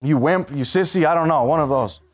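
Male pastor, emphatic pulpit delivery with sharp shifts in volume, slightly high voice. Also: a little fast. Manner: emphatic preaching that swings from loud peaks to low asides. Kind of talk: sermon.

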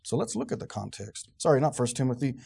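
A man's voice: mid-range voice, very animated, quick pace, gravelly, mellow, breathy edge. A man preaching a sermon in a church, fervent and sarcastic and quizzing his congregation. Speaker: pastor.

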